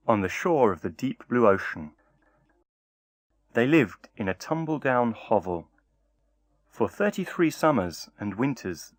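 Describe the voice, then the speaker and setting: A man narrating a fairy tale in a measured, expressive reading style. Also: lowish voice, dry recording. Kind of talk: storybook narration.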